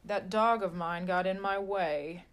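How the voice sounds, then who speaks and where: A woman's voice: on the low side, fairly even intonation, unhurried. A woman reading a rhyming children's picture book aloud in a sing-song way. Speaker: storybook reader.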